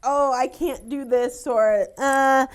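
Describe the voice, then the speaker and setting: High-voiced emotional psychic woman. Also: steady tone, takes it slowly, clear, resonant tone. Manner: emotional, laughing, relaying messages in a rush. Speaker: psychic medium host. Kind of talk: live TV psychic reading.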